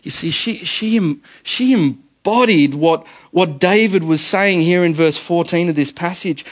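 A middle-aged man delivering a sermon, his voice pitched a little high for a man. He preaches in a lively storytelling way, stumbling into repeated words as he speaks straight to the congregation. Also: a little slow, hardly any pauses. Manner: animated storyteller, repeats words, addresses listeners as guys. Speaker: pastor.

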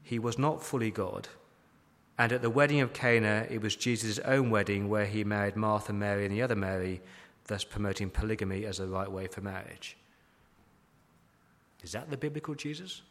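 A man's voice: on the low side, brisk, a bit bright. A man preaching a sermon as pastor, emphatic, asking repeated rhetorical questions. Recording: long hall reverb.

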